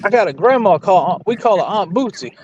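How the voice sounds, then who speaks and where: A man putting on a loud, rowdy Deep East Texas man with an East Texas accent. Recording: lo-fi with some noise.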